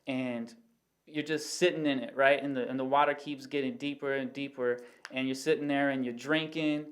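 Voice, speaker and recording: A man chatting on a podcast in a level, even tone with little rise and fall, his pitch sitting right in the middle. He rambles earnestly, working through everyday analogies and peppering his talk with little "you know" asides. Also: moderate pace. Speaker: podcast guest. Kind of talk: casual reflective conversation.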